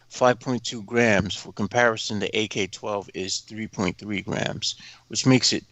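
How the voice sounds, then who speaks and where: A man's voice: on the low side, a bit bright, no echo. A man cohosting a livestream, reading a news article aloud and breaking in with crude jokes.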